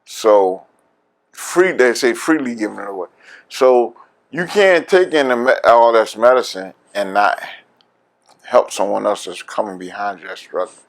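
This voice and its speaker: A man's voice: on the low side, a little slow, gravelly. Laughing man telling his story. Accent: Philadelphia. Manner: candid storytelling, laughs often. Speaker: veteran interviewee. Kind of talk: oral history interview.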